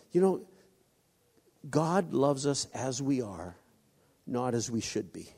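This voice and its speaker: A man's voice: medium pitch, very animated, gravelly, a little mellow. Preacher man in an echoing hall. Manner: halting, with many restarts and quoted voices. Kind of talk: sermon. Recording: long hall reverb.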